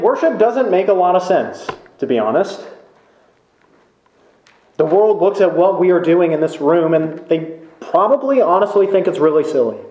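A man preaching a sermon in a church, slow and emphatic, with many rhetorical questions. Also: a little high, darkish tone, reverberant, dull audio. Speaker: pastor. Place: church sanctuary.

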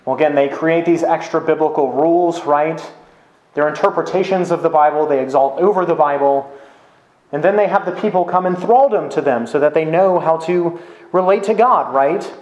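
A man's voice: on the high side, normal speed, a little mellow, lo-fi sound. A man preaching a sermon as a pastor, talking conversationally and often asking "right?". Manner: conversational, with frequent "right?" tag questions. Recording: echoey room.

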